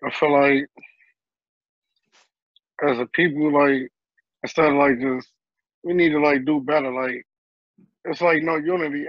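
A man with a husky, higher-than-usual voice recounts a tense encounter in a casual group talk. He acts out the exchange with rising heat. The sound is dry and somewhat dull. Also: no room sound. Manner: animated storytelling, reenacting a heated exchange. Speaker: panel guest.

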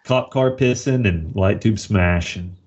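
Man, podcast host, casual playful chat, low voice, muffled lo-fi audio. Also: unhurried, darkish tone. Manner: playful, laughs easily.

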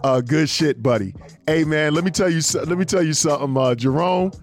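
A man hosting an internet radio show, reading listener messages aloud in a loose, slangy, animated way. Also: fairly high pitch, fairly quick, faint music behind. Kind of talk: casual radio show banter.

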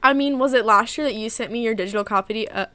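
A young woman with a bright, forceful voice, set a little high, co-hosting a chatty podcast. She giggles often and pokes fun at herself as she talks. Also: fast. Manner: giggly, chatty, self-mocking. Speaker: podcast co-host. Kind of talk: casual chat.

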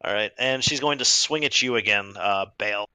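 A man acting as game master, narrating an online tabletop game in a lively way with quick restarts. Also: lowish voice, clear, resonant tone, no echo, rough recording.

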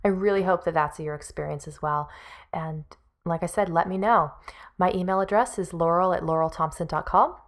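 A woman's voice: lowish voice, fairly quick. A woman music teacher giving an earnest, encouraging practice lesson, with frequent fillers. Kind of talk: spoken practice lesson to camera.

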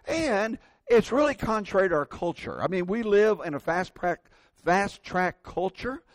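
A man's voice: high voice, expressive, unhurried, no echo. An older man preaching a sermon, telling folksy, self-deprecating stories from everyday life.

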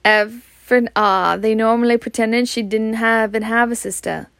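A woman with a Scottish accent reading a storybook aloud, unhurried, now and then stumbling over words and laughing. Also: a little high, steady tone, gravelly, a bit bright, no room sound, clean studio sound. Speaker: reader.

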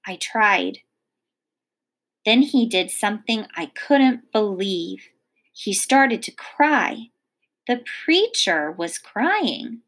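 A woman teacher reading a children's novel aloud in a measured, expressive storytelling manner. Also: mid-range voice.

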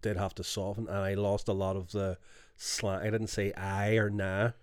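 A man's voice: low voice, flat delivery, normal speed, clear, resonant tone, dry recording, clean studio sound. A Scottish man chatting casually as a podcast co-host, telling sweary stories and bantering. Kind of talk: casual chat.

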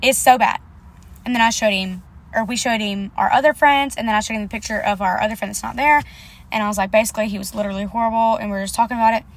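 A woman's voice: on the high side, fairly even intonation, quick pace. A young woman telling a casual storytime vlog, blunt, indignant and full of profanity, acting out quoted dialogue.

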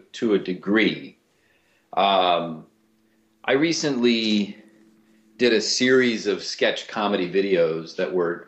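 Animated low-voiced man in a roomy space. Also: highs cut off. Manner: animated storyteller, lots of restarts. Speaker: voice actor and comedian, guest. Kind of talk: casual interview chat.

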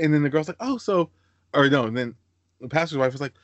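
A young man hosting a casual podcast chat, telling animated stories and slipping into high-pitched voices for the people he quotes. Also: quick pace, no echo. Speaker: podcast host.

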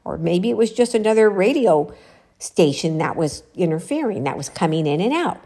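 A woman's voice: fairly low pitch, expressive, moderate pace, mellow. A woman vlogging outdoors on a walk, chatting casually as she retells a spooky story. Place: outdoors, walking.

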